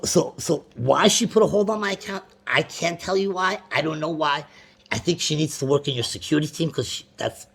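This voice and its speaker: A man's voice: medium pitch, creaky, slightly rough. A man on a phone call, complaining at length about a bank with frustrated, repetitive restarts and sudden outbursts. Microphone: phone call recording.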